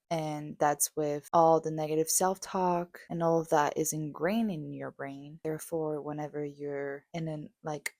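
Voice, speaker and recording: Out on a walk, a young woman vlogs a casual monologue, speaking candidly and rambling with plenty of fillers and swearing. Her voice is low-pitched with a darkish tone, and the recording is dry.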